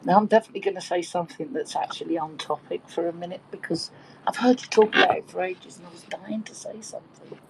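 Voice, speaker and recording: A woman telling a joke with lively, animated delivery and some swearing in a casual online chat. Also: on the low side, fast, gravelly, background noise. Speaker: participant in an online audio chat room.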